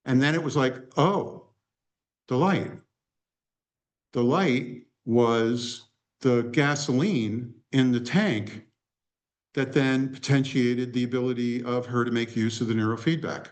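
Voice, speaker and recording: A man presenting at a conference workshop, telling an anecdote in an animated way and acting out the dialogue. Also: mid-range voice, unhurried.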